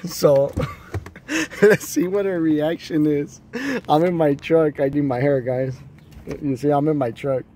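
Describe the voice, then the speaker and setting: A man with a fairly high voice films himself on his phone, chuckling between lines and teasing as he chats to viewers. He records from his truck and a sunny alley, with faint noise in the background. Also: slow, long pauses, dark tone. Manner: laughing, teasing, addresses viewers. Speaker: vlogger. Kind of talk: casual vlog. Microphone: phone camera.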